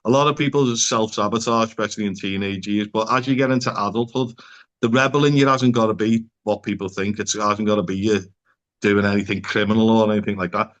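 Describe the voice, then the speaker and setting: A man's voice: lowish voice, steady tone, fast, fairly bright tone, dull audio. A man with a Liverpool accent, a psychotherapist talking as a podcast guest, rambling and filling his speech with "like" and the odd swear word. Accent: Liverpool (Scouse). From Liverpool, England. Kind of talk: casual podcast conversation.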